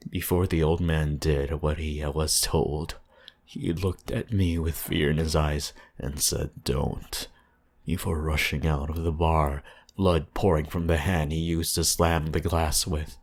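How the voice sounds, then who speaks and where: A man narrating a horror story in a slow, measured, somber reading voice. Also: a bass voice, flat delivery. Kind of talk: scripted narration.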